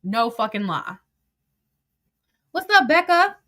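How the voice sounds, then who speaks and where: A woman's voice: fairly high pitch, big pitch swings, slow, fairly bright tone, no echo. A woman streaming casual commentary, reading text messages aloud in a profane, gossipy way and laughing often. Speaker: social media streamer.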